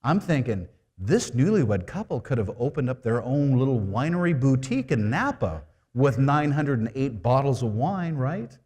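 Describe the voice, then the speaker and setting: A man preaching a sermon to his congregation, telling a story with asides to the listeners and swinging between loud and hushed moments. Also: medium pitch, sing-song, normal speed, hardly any pauses. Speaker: preaching minister. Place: church sanctuary.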